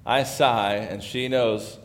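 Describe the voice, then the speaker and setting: A man preaching to his congregation in a conversational, plainspoken way, slipping into hushed tones when he reads scripture. His voice sits mid-range and carries a long church reverb, with a faint low rumble behind it. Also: fairly even intonation, slow pace. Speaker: pastor. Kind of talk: sermon. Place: church sanctuary.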